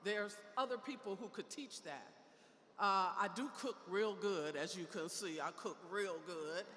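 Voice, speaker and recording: A woman's voice: medium pitch, unhurried, a bit bright. An older woman and great-grandmother giving a playful commencement speech, calling out to the audience in a large hall. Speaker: commencement speaker. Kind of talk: ceremony speech. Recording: echoey hall, faint room noise.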